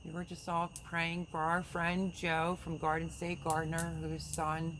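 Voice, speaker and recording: A woman with a slightly low voice hosts a relaxed livestream, chatting and reading viewer comments aloud. She sends prayers and well-wishes in a friendly, rambling way. Faint crickets chirp in the background. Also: unhurried, background noise. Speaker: livestream host. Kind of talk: casual live chat reading comments.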